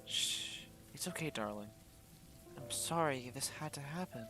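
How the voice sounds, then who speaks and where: A tender, devoted partner from a game story murmurs in a hushed, soothing near-whisper, as a man puts the voice on. The voice sits at an ordinary pitch and stays soft and close. Faint music plays underneath. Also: expressive, unhurried, close to an everyday voice. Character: tender devoted partner comforting a loved one.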